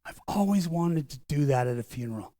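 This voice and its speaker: An older man preaching a sermon as pastor, earnest and conversational, slowing down for solemn lines. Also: a little high, lively intonation, dark tone, no echo, studio quality. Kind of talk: sermon storytelling. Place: church sanctuary.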